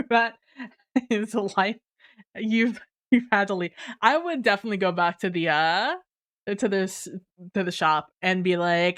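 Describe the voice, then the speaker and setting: A woman hosting a live stream speaks in an unhurried, clear voice, reading out viewer messages. She laughs often, apologizes, and trails into fillers and restarts. She talks from her home computer desk into a streaming mic. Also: medium pitch, a bit bright. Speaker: livestreamer.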